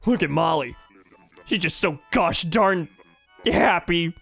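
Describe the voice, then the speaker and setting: A man's voice: on the high side, expressive, takes it slowly, vocal fry, fairly bright tone, slightly rough, faint music behind. Joking young man streaming a game. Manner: joking, swears, reads game dialogue aloud. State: sore throat. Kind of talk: casual gaming commentary.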